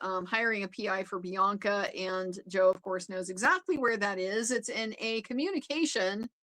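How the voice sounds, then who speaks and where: A woman's voice: mid-range voice, bright, forceful tone, poor audio. An American woman giving a chatty, casual recap of a court trial, with frequent fillers and laughs. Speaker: legal commentator.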